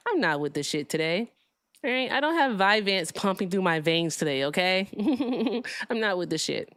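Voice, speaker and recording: A woman's voice: mid-range voice, sing-song, normal speed, fairly bright tone, no echo. A woman hosting a livestream debate, casual, blunt and profane, sounding tired.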